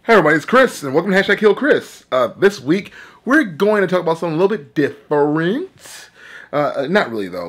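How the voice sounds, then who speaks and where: Male vlog host, lively swinging delivery, slightly higher voice, jokey asides. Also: normal speed. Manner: animated, emphatic, joking asides. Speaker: vlogger host. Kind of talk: casual storytelling to camera.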